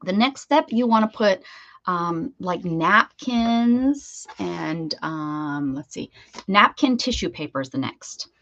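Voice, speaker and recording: A woman's voice: lowish voice, expressive, slow pace, a bit bright. A woman, casually chatting and rambling as she crafts, often correcting herself mid-sentence. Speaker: crafting channel host. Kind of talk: casual chat while crafting. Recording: dull lo-fi audio, faint noise.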